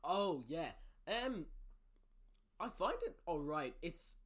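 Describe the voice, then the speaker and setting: Young dude on a podcast, chatty, laughs a lot, bit sweary. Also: male voice, a little high, sing-song, takes it slowly, fairly bright tone. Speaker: podcast host. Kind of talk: casual chat.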